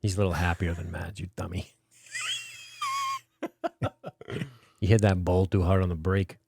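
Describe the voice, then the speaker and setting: A man's voice: sits low, flat delivery, measured pace, creaky, background noise. A man co-hosting a podcast, chatting casually and joking sarcastically. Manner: joking, sarcastic, swears freely. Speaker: podcast co-host. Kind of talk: casual chat.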